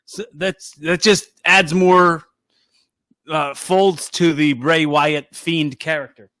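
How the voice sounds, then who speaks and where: Podcast co-host, male, high voice, lively casual banter, dry mic. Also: slow pace, no echo. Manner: animated, breaks into high-pitched impressions. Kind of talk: casual wrestling chat.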